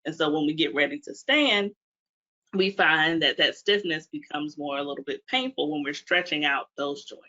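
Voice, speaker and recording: Woman presenter, bright crisp tone, quizzing listeners, dull lo-fi webinar sound. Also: deep voice, moderate pace. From Washington, D.C. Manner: quizzing the audience with questions. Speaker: physical therapist guest.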